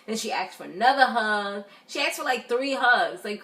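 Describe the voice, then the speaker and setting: A woman's voice: fairly high pitch, lively intonation, normal speed, fairly bright tone. A woman recapping a reality show in a casual vlog, chatty and blunt, with lots of fillers. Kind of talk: casual review chat.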